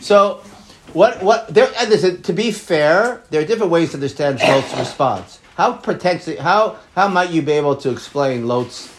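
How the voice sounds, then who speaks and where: A man leads a Torah lesson, his voice sitting a little high. He reads Hebrew lines aloud and then unpacks them, repeating words as he works through each idea. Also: moderate pace, slight background noise. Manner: animated, repeats words, quotes Hebrew texts. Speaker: Torah teacher.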